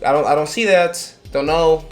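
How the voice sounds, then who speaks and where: A young man with a slightly high voice, rambling loosely and swearing freely as he recaps a film. He gets animated in bursts. Faint music plays underneath. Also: normal speed. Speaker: movie reviewer. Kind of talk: casual rambling film review.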